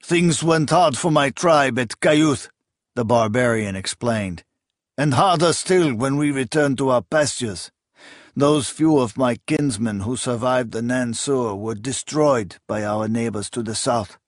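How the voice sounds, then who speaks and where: A man's voice: mid-range voice, measured pace, no room sound, clean studio sound, close to an everyday voice. A man voicing a fierce, arrogant barbarian chieftain who speaks bluntly with a thick foreign accent. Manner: blunt, terse.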